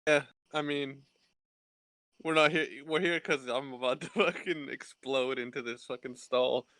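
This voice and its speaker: A man's voice: mid-range voice, a little slow, a bit bright, dry recording. A man co-hosting a podcast in casual chat, laughing a lot and swearing freely. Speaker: podcast co-host.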